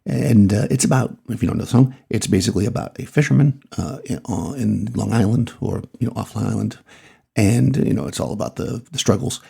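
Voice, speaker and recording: A middle-aged podcast host with a Massachusetts accent and a deeply gravelly, rough-edged voice. He rambles easily as he thinks aloud, breaking off with small laughs. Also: a little fast, warm tone. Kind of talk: casual solo podcast monologue.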